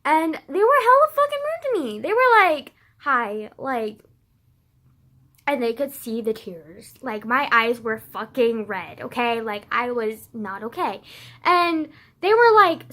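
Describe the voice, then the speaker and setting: A teenage girl telling a story in a casual rant, peppered with "like" and swearing, dropping to low mutters and then flaring up loud. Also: very animated, unhurried. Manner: swearing, frequent "like" fillers, swings from low mutters to loud outbursts. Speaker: vlogger.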